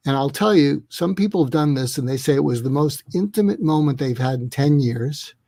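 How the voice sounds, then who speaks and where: A man being interviewed over a video call, talking earnestly and walking through his ideas step by step. His voice sits a bit high and sounds dry and close, with no room around it. He often slips into acting out short exchanges. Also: expressive, brisk, creaky, warm tone, no room sound. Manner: earnest, explains in steps, acts out dialogue. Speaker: guest expert on listening. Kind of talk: interview conversation.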